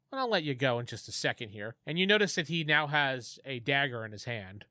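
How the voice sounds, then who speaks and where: A man narrating a tabletop game as game master, playful and laughing, often halting mid-sentence. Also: mid-range voice, expressive, pushed and bright, no room sound, clean studio sound.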